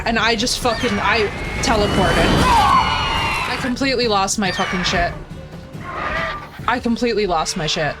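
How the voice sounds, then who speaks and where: A woman game streamer ranting casually to her chat in an animated, profane, emphatic way. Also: fairly high pitch, normal speed, over loud music. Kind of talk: casual livestream rant to chat.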